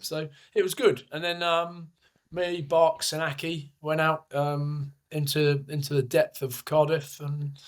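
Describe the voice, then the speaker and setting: A young man co-hosting a podcast, hungover, telling rambling, self-mocking stories in casual chat. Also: on the high side. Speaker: podcast co-host.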